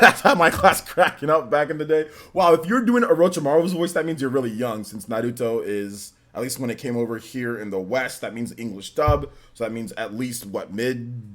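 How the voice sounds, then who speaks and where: Lively, animated man laughing through stories. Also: medium pitch. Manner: animated storytelling, laughing often. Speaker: host. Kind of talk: casual livestream chat. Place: indoors under studio lights. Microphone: on camera.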